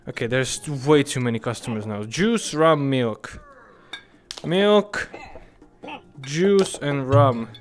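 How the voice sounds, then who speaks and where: A man playing a bar-serving game and chatting casually, exclaiming, swearing and putting on a mock-polite tone for customers. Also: medium pitch. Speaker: gaming YouTuber. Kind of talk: casual gameplay commentary.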